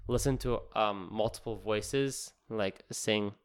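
A young man co-hosting a casual podcast, rambling and halting with many restarts. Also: fairly low pitch, smooth. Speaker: podcast co-host.

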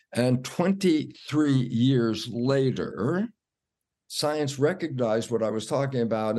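Older man telling animated stories. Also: medium pitch. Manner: animated storyteller, acts out quotes, laughs. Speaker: guest, cell biologist. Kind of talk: storytelling in an interview.

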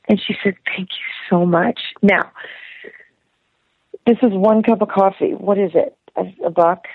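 A woman tells a heartfelt story in an interview and acts out each voice in it with lively feeling. Her voice has a gravelly edge. It comes through a tinny, phone-like line with no room sound. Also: mid-range voice, normal speed, no echo. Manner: emotive, acts out quoted voices, laughs often. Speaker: actress and singer, podcast guest.

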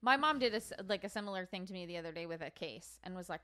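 A woman's voice: on the low side, lively intonation, rapid-fire, hardly any pauses, a bit bright, no echo. A woman co-hosting a casual true-crime podcast, talking bluntly, swearing, and sometimes dropping to a near whisper. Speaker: podcast co-host. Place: not from the area where the show is made.

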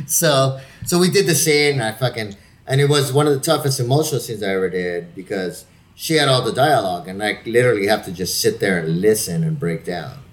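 A man, an actor, chatting casually and telling animated, profane stories from the set. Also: lowish voice, fairly quick. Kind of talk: casual chat.

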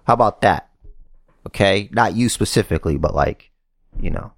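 Lively, sarcastic man ranting. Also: mid-range voice, moderate pace, no echo, clean studio sound. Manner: sarcastic, ranting, swears a lot. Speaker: podcast co-host. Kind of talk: casual chat.

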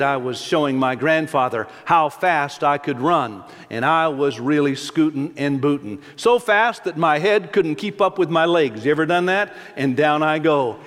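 Recorded with long hall reverb in a church sanctuary, a middle-aged male pastor preaches a sermon. He tells stories in a folksy way, often repeating words as he restarts, in a voice on the high side and a bit bright.

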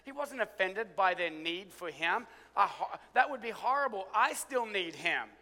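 A man preaching a sermon, swinging from loud, emphatic lines to hushed, low ones. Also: animated, normal speed. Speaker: pastor. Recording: long hall reverb.

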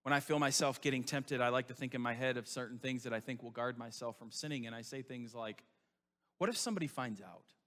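Bright-voiced preacher in a reverberant hall. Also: male voice, mid-range voice, level tone, quick pace, few pauses. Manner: emphatic, conversational, rhetorical questions. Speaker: pastor. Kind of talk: sermon.

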